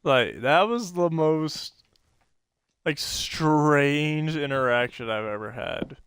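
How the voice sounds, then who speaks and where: A man's voice: a little high, animated, takes it slowly, a bit bright, clean tone, no room sound. A man co-hosting a podcast, telling stories in a rambling casual chat full of fillers and laughs. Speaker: podcast co-host.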